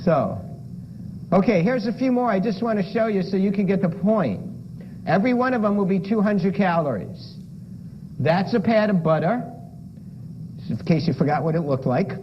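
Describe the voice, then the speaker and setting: High bouncy guy lecturing w props, quizzing the crowd, muffled noisy recording. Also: expressive, normal speed, pauses often. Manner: playful, asks the audience questions. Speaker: lifestyle medicine lecturer. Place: lecture room with an audience. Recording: dull lo-fi lecture recording with noise.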